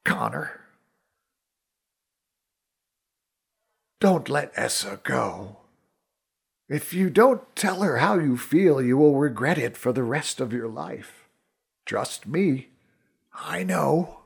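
A man voicing a dying ancient archer who speaks weakly and haltingly, half whispering, as a storybook reader. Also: on the high side, expressive, creaky, pushed and bright, husky, heavily acted. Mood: weak, tender. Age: older. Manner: weak, breathless, halting whisper. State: dying, coughing. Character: dying ancient male archer, gentle and wise.

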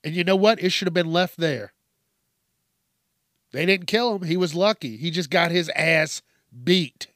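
A man's voice: on the high side, measured pace, pauses often, fairly bright tone, no room sound, clean studio sound. A man hosting a podcast who reads out news stories and reacts with outraged, profanity-heavy commentary and emphatic repetition.

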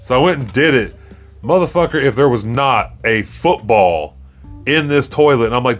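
A man co-hosting a podcast, telling crude jokes and animated stories in casual chat. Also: medium pitch, moderate pace, soft background music. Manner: crude, joking, animated storyteller. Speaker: podcast co-host.

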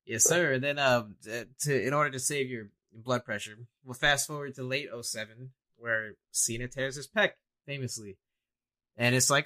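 A young adult man co-hosting a casual chat, an animated storyteller who acts out what people said. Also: medium pitch, normal speed. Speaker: co-host.

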